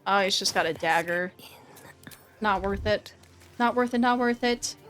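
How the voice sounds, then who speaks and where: A woman streamer chatting casually over gameplay, laughing often and repeating herself when excited. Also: mid-range voice, moderate pace, faint music behind.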